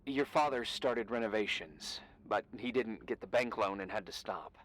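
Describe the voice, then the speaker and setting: A man's voice: on the low side, moderate pace, fairly bright tone, natural voice. An actor playing a nervous young man on a radio who stammers and apologizes. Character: nervous, friendly young male radio contact.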